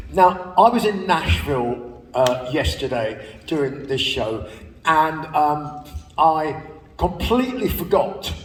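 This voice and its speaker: A man's voice: on the high side, slight background noise. An older man telling anecdotes to a live audience in a chatty, laughing way, with casual swearing. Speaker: speaker at a live spoken-word show. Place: large theater stage. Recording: distant audience recording in a reverberant hall.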